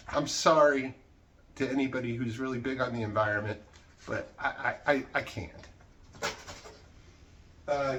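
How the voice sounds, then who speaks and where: A man chats to his viewers in a loose, rambling way, mocking himself as he sorts through clutter. He curses freely when riled up, talking in an everyday mid-pitched voice. A faint noise sits behind him in the cluttered room. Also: a bit bright. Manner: rambling, self-mocking, swears when worked up. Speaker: vlogger. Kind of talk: casual rambling vlog while decluttering.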